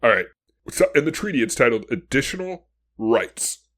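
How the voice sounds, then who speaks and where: A male podcast co-host in casual history chat, animated, acting out historical figures in quick asides and laughing often. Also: medium pitch.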